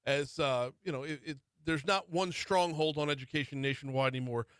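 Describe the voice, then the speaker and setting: A man in his forties from Louisiana hosts a radio talk show, and his voice sits a little on the higher side. He interviews his guest in an easygoing, chatty way. His studio sound is close and dry. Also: steady tone, fairly quick, a bit bright, clean tone, dry recording. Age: 40s. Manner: easygoing and chatty, laughs easily.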